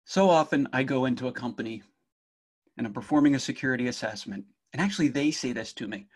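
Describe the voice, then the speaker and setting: Husky middle-aged man giving a conference talk. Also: mid-range voice, quick pace. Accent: New Jersey, faint. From New Jersey. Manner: jokey, talks straight to the audience. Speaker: cybersecurity instructor, conference speaker.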